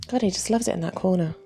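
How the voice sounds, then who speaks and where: A woman's voice: lowish voice, fairly quick, warm tone, soft background music. A woman giving chatty commentary on game dialogue, laughing often and adding wry asides. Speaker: video creator.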